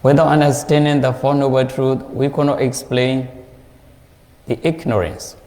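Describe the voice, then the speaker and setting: Burmese-accent monk teaching, repeats himself a lot, warm mellow voice, echoey hall. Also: male voice, medium pitch, little pitch movement. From Myanmar. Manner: slow, repetitive explaining. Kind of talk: Dharma class teaching.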